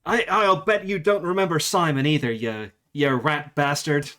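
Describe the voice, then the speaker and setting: A man's voice: normal speed, crowd noise, lightly acted. Jill, a man doing a bubbly teen shopgirl. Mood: chirpy. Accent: put-on American. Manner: chirpy, raised pitch, stammering. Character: bubbly teenage girl shop employee, overly friendly.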